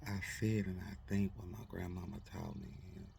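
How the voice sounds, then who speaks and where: A man's voice: sits low, fairly even intonation, moderate pace, vocal fry, warm tone, a little hiss or hum. A man telling a heartfelt personal story to his followers, repeating phrases and speaking straight to his audience.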